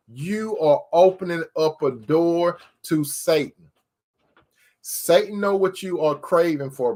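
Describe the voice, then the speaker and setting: A man hosting an informal preaching talk, earnest and emphatic, who keeps addressing his listeners as brothers and sisters and repeats his points. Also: fairly high pitch. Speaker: host.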